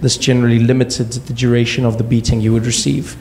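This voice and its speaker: Gravelly man telling a stand-up story. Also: level tone, quick pace, darkish tone, slight background noise. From South Africa. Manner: acts out quoted voices with sudden high-pitched outbursts. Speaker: comedian.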